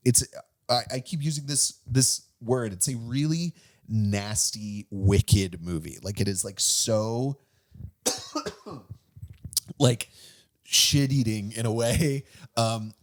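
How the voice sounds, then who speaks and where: A man hosting a casual movie review chat, excitedly recapping a plot with lots of fillers and restarts. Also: medium pitch, slow pace. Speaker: movie review podcast host.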